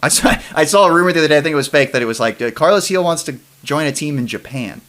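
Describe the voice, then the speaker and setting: A man's voice: fairly high pitch, lively intonation, very fast, a bit bright. A man hosting a casual sports podcast, rambling with restarts and trailing off as he reads listener questions. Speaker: podcast host. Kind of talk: casual chat.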